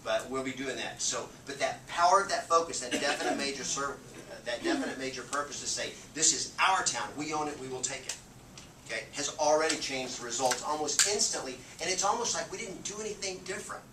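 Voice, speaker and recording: A man giving an energetic motivational training talk to a live audience, often checking in with "okay?". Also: mid-range voice, brisk. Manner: energetic, punchy, keeps asking "okay?". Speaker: real estate sales trainer. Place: meeting room with a live audience. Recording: echoey, distant, noisy room recording.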